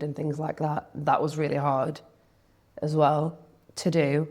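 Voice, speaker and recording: A woman's voice: low voice, flat delivery, measured pace, a little mellow. A young woman, talking candidly as an interview guest, chatty, with lots of "like" and quoted thoughts.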